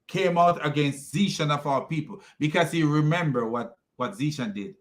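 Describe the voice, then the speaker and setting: A man's voice: a little high, normal speed. A man with a foreign accent giving scornful reaction commentary on videos, laughing often as he mocks. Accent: non-native English.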